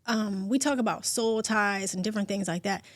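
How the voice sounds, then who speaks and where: A woman in her forties co-hosting a podcast, talking in a heartfelt, open, expressive way. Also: mid-range voice, normal speed, dry recording. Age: 40s. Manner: heartfelt and expressive, talks openly and at length. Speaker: podcast co-host. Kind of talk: casual podcast chat.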